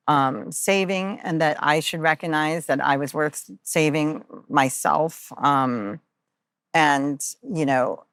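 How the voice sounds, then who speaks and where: Woman, low voice, earnest, confessional, halting fillers, dry close sound. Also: fairly bright tone, no echo. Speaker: guest. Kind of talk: candid interview storytelling.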